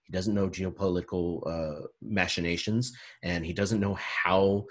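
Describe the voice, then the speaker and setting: A man's voice: low voice, fairly even intonation, a little slow. A man appearing as a podcast guest, talking politics with mounting passion and some swearing. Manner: impassioned, swearing, rising to heated emphasis. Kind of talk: political discussion.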